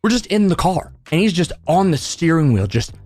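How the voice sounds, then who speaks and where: A young man telling a funny story from his youth in a storytime video, animated and joking. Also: a little high, a little fast. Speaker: storytime vlogger. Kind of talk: comedic storytime narration.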